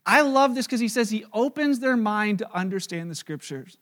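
A middle-aged male pastor preaching a sermon, telling the story with lively acted-out scenes and chuckling as he talks. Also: sits high, moderate pace. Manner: chuckles while talking.

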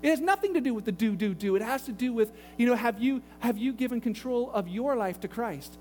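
Male pastor, very high voice, informal storytelling sermon; long hall reverb. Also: lively intonation, a little fast, a little mellow, a little hiss or hum. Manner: informal storyteller with joking asides. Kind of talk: casual conversational sermon.

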